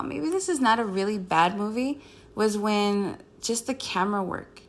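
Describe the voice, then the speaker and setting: A woman's voice: medium pitch, fairly bright tone. A woman co-hosting a casual film-review podcast, chatty, laughing often and full of "like"s and restarts. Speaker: podcast co-host.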